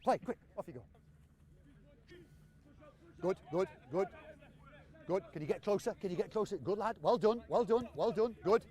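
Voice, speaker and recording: A man running an on-pitch football coaching session outdoors, calling out brisk, encouraging commands to his players. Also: a little mellow.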